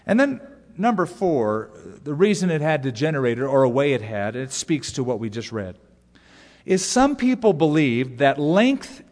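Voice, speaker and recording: A man's voice: on the high side, normal speed. Man preaching a sermon in a reverberant hall. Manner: animated storytelling, mimics prayer voices. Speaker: pastor.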